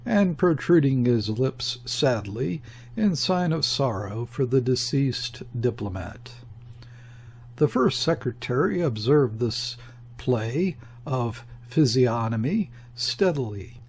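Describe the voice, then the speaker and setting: A male audiobook narrator reads a classic novel in a measured, deliberate way. His pace is very slow and his voice has a husky texture. His pitch sits at an ordinary middle level. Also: lively intonation, darkish tone. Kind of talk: scripted narration.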